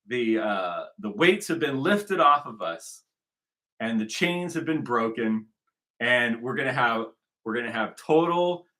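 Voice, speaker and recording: A man's voice: medium pitch, sharp tone. An American man from the United States giving sarcastic, rambling commentary on news clips and often repeating phrases.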